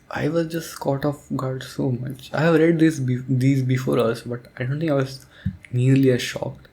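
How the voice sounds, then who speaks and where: A young man rambling sleepily about a game as a sleep aid, soft-spoken and hesitant, with many pauses and fillers. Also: mid-range voice. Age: young adult. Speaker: audio creator.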